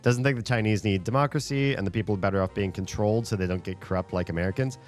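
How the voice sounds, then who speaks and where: A man with a lowish voice talks quickly while streaming a rhythm game, chatting casually and thinking out loud between plays. He chuckles often, and faint game music plays behind him.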